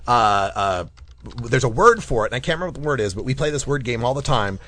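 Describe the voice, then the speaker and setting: A man's voice: mid-range voice, lively intonation, fast, a bit bright, no room sound. A man hosting a casual cannabis talk radio show, rambling and jokey, laughing often. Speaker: podcast host.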